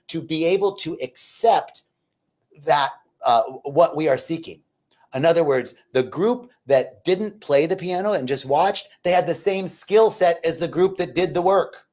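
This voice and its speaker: A man's voice: a little high, a little mellow. A man giving an inspirational spiritual talk, then leading a guided gratitude meditation with fervent, repeated affirmations. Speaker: spiritual teacher. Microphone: livestream.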